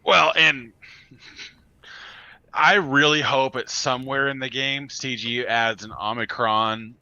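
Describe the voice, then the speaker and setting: A man's voice: mid-range voice, steady tone, slow pace, pushed and bright, smooth. A man co-hosting a gaming live stream in casual chat, laughing now and then between points. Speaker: co-host of a game live stream. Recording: dull, lo-fi sound.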